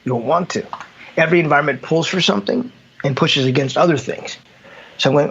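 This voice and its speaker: A man's voice: a little high, a little fast, a bit bright, muffled recording, slight background noise. A man, a consultant, talking casually and telling stories with acted quotes and frequent restarts. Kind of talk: casual conversation.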